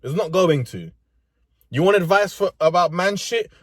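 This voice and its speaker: A man's voice: high voice, expressive, moderate pace, no room sound, clean studio sound. A young man with a London accent, ranting comedically and profanely in street slang from inside a car. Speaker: vlogger. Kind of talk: comedic rant.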